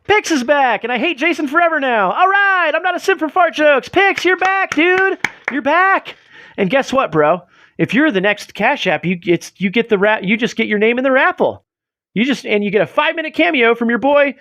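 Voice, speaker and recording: A man's voice: very high voice, lively intonation, moderate pace, bright, forceful tone. A man hosting a casual livestream, rambling goofily and mocking himself, his voice getting strained. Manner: goofy, rambling and self-mocking. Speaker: livestream host.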